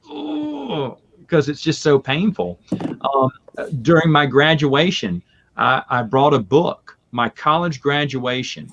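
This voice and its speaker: Man, podcast guest, casual chat, lively storytelling, laughs often, muffled lo-fi sound. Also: mid-range voice. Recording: muffled lo-fi audio.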